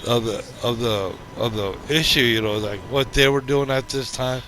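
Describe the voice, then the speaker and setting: A man's voice: mid-range voice, normal speed, sharp tone, slight background noise. A middle-aged man hosting a gaming channel, chatting casually over gameplay, rambling and reminiscing, then jokingly bossing an imaginary studio crew.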